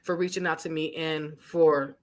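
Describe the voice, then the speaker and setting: A woman's voice: deep voice, moderate pace. A woman hosting an interview with casual, heartfelt, emotional talk. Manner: effusive, emotional, animated storytelling. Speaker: podcast host.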